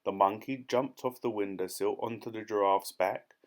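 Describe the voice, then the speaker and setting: A man narrating a children's audiobook in a clear, steady storytelling manner. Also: fairly low pitch, moderate pace. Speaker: audiobook reader.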